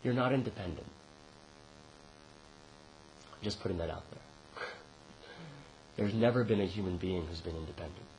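A man giving a conversational dharma talk as a meditation teacher. He keeps checking in with "right?" and gets animated and laughs while telling a joke. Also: normal speed, pauses often, slight background noise, poor audio. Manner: conversational, frequent "right?" tag questions; laughs and rises in pitch when telling a joke.

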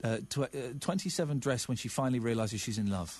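A man's voice: mid-range voice, expressive, fast talker, darkish tone, a little hiss or hum. A middle-aged English man hosting a casual radio phone-in, chatting and reading listeners' texts with open emotion.

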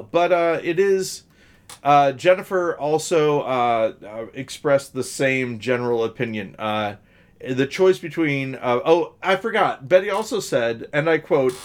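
A man co-hosting a podcast in casual chat, talking in a deliberately raised voice with many restarts. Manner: talks in many restarts and fillers, deliberately pitched-up voice. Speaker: podcast co-host.

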